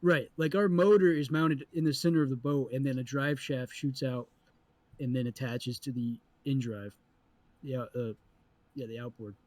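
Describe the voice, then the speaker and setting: A man co-hosting a podcast, telling a story in an animated, profane way and acting out the people in it. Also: medium pitch, moderate pace, dry recording. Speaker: podcast co-host. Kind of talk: casual storytelling chat.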